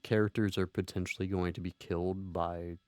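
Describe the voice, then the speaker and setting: A man's voice: low-pitched, flat delivery, a little fast, a little mellow, no echo. A man streaming a horror game, commenting casually with wry jokes. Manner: joking, wry, laughs often.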